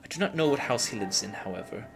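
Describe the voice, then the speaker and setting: A man's voice: medium pitch, animated, fast talker, vocal fry, over music, voice pushed up. A man voicing a polite, formal young female vampire noble in a tabletop game. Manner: polite, formal, slightly awkward.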